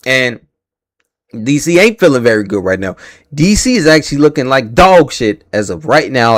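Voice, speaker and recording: Young male live-stream host, profane angry rant, animated swings in pitch. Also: normal speed, no echo, clean studio sound.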